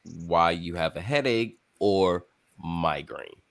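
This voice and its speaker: A man's voice: low-pitched, slow pace, gravelly. A man hosting a casual talk show, rambling and emphatic, cursing freely as he explains his views. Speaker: podcast host. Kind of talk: casual chat.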